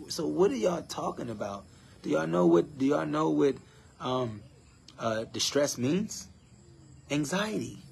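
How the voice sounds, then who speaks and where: A man preaching a sermon, defining scripture word by word, firing questions at his listeners and mocking complainers in a higher voice. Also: expressive, measured pace, gravelly, a little mellow, a little hiss or hum. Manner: defines words one by one, asks the crowd questions, mimics complainers in a higher voice.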